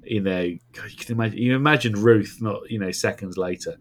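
A man co-hosting a podcast, recounting an episode in casual chat with animated, emphatic delivery and frequent restarts. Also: lowish voice, brisk. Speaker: podcast co-host.

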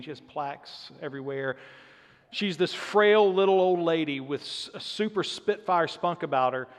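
A man in his thirties preaching a sermon in a conversational, earnest way, often dropping in "man" as he talks to the congregation. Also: a little high. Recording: long hall reverb.

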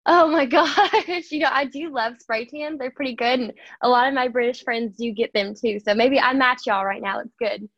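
A woman's voice: a little high, steady tone, moderate pace, few pauses, fairly bright tone, dry recording, dull audio. A young woman with a Southern American accent, chatting as an interview guest in a bubbly, giggly way. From USA. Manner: bubbly, giggly, says "y'all". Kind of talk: casual interview chat.

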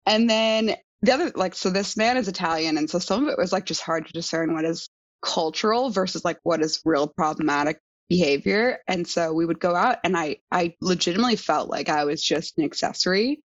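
A woman's voice: fairly low pitch, fairly quick, no room sound. A young woman telling a story in casual chat, full of "like" fillers. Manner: chatty, frequent "like" fillers. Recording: dull, dry sound.

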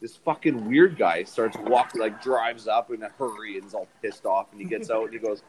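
A man's voice: fairly low pitch, a little fast, a little mellow, a little hiss or hum, rough recording. A young man, a podcast co-host, telling a rowdy story in casual chat, swearing often and laughing along.

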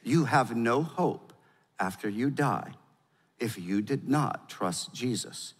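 An older man preaching a sermon as pastor, with emphatic delivery that swings from loud urgency to quiet gravity. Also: mid-range voice, expressive, slow, breathy edge. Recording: long hall reverb.

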